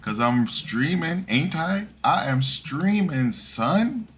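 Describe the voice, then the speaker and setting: A man's voice: a little high, very animated, slow pace, pitched above the performer's own voice, full character voice. Brash 90s New York street guy, as a man puts him on. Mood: swaggering. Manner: loud and swaggering, calling everyone son.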